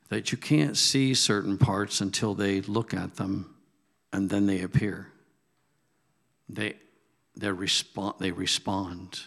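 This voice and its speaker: Male preacher, bright voice, animated storyteller who gets loud on emphasis. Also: fairly low pitch. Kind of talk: sermon.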